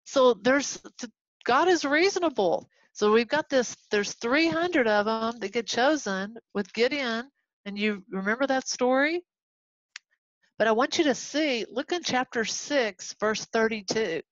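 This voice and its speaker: Woman from texas teaching bible class, chatty and animated, dull lo-fi sound. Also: on the high side, measured pace, dry recording. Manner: animated, acts out quoted voices, chatty asides. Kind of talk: casual Bible lesson to a class. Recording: dull lo-fi recording.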